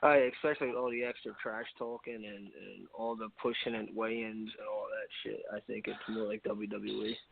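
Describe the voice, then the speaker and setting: Terse gravelly man on a phone line. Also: lowish voice, little pitch movement, brisk, few pauses. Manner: terse, matter-of-fact. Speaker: guest fighter. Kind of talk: casual interview.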